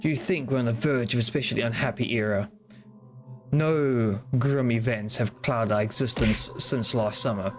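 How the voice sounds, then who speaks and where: A man live-streaming a game, his voice sitting at an ordinary mid pitch. He reads the on-screen dialogue aloud in a loose, casual way, breaking off to ramble, joke and swear. Game music plays clearly underneath him. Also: normal speed. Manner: casual, rambling, swears and jokes between read lines.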